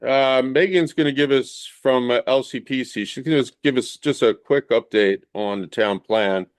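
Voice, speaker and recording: Casting: plain-spoken meeting chair, dry close sound, moves the agenda along. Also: male voice, mid-range voice, normal speed, clear, resonant tone, no echo.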